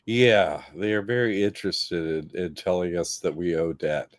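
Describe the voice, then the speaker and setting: A low-pitched man chatting on a live stream, bouncing into put-on voices as he retells stories. The sound is dry and close, with no room around it. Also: moderate pace, dry recording. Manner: animated storytelling, acting out quoted voices with laughs. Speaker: co-host. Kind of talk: casual livestream chat.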